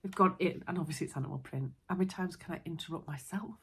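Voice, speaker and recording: A woman's voice: sits low, fast talker, vocal fry, slightly rough. A woman with a Yorkshire accent chatting casually to camera as a sewing vlogger, giggly and often interrupting herself. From Yorkshire, England.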